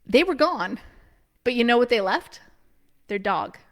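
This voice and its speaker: A woman in her thirties telling a personal story in a lively, casual way, full of "like" and short laughs, acting out what people said. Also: fairly high pitch. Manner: animated, filler-heavy with frequent "like", quick laughs. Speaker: preschool business coach.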